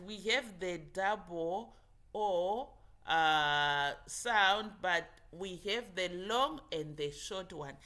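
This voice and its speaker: A woman's voice: fairly low pitch, pushed and bright. A woman teaching a children's phonics lesson, talking patiently and drawing out model sounds. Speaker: English teacher.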